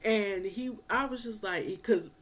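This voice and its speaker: Woman reviewer, casual and animated, loose slangy storytelling. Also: mid-range voice, measured pace. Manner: animated, slangy, swears and laughs. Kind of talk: casual film review chat.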